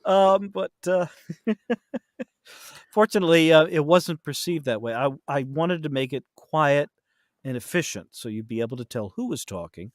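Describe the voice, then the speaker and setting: Animated man talking shop on a podcast. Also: on the high side, normal speed, no echo, studio quality. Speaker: guest, audiobook narrator and voice actor. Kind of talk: casual podcast chat. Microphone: podcast studio mic.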